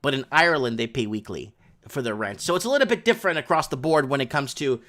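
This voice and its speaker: A man's voice: mid-range voice, expressive, fast, fairly bright tone. A man hosts a housing market talk show. He reads news items aloud, adds rambling commentary, and works out sums as he goes.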